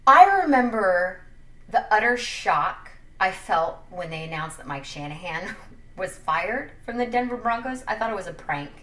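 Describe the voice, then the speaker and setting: Young woman sports vlogger, sassy and jokey, swinging pitch, echoey room with a distant mic. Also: fairly bright tone. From Wyoming. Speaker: sports commentator. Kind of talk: casual opinion vlog.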